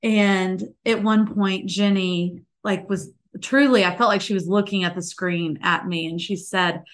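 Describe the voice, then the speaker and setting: A woman in her thirties speaks as a podcast guest. She tells her story in an earnest, tender way, with plenty of "like" fillers. Her voice sits at an ordinary middle pitch. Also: steady tone, measured pace. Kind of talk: heartfelt conversational storytelling.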